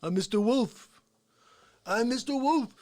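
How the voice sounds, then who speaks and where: A commanding movie fixer, as a man puts him on, stern and firm. The voice stays lively in pitch. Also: a little slow.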